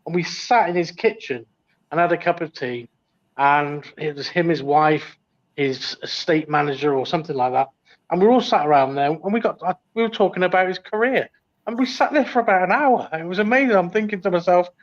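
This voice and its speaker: A man's voice: on the high side, moderate pace. A middle-aged man telling a long anecdote as a guest on a casual livestream, rambling with many ums. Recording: dull lo-fi sound.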